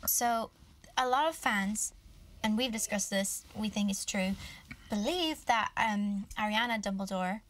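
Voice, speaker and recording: A woman's voice: mid-range voice, unhurried, a bit bright. A woman hosting a casual interview, curious and full of questions. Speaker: host.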